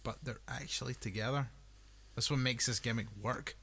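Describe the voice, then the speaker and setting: A man's voice: medium pitch, fairly even intonation, moderate pace, vocal fry, fairly bright tone, husky. A man, co-hosting a casual podcast chat with blunt, teasing remarks. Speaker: podcast co-host.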